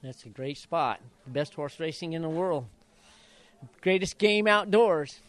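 An older man from Idaho, a retired jockey, telling stories in an interview and acting out quotes in high voices. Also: unhurried, no echo. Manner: animated storyteller, acts out quotes in high voices. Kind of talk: storytelling interview.

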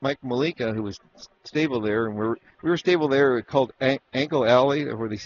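The recording is lo-fi with a little hiss or hum, and the man's medium-pitched voice runs a little fast. During a casual storytelling interview he rambles through memories of training racehorses, quoting other people in character and often restarting what he says.

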